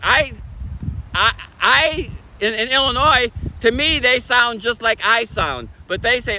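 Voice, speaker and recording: A man with a Michigan accent chatting fast and casually on a livestream, sitting outdoors on a bench by a bridge. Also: extremely high pitch, lively intonation, pushed and bright, slight background noise, low-quality recording. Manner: talks fast, chatty, laughs often. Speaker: streamer. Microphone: phone camera on a tripod.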